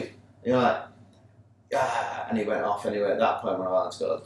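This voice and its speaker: A man's voice: on the low side, fairly even intonation, moderate pace, pauses often, very echoey, recorded from a distance, a little hiss or hum, low-quality recording. An English man co-hosting a sports podcast, chatting casually and acting out both sides of an argument as he tells a story. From England. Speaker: podcast co-host. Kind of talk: casual chat.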